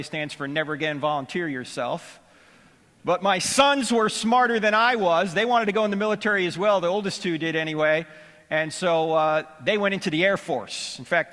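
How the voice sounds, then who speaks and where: A man's voice: high-pitched, a bit bright, long reverb tail. A middle-aged man giving a humorous seminary lecture, joking and quizzing his audience. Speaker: apologetics speaker. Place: lecture hall.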